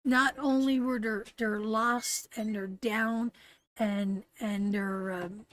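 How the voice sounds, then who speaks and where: A woman with a Canadian accent giving a live tarot reading, talking slowly and tenderly, repeating phrases and getting emotional. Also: mid-range voice, fairly even intonation, fairly bright tone, no room sound. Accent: Canadian English. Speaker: tarot reader.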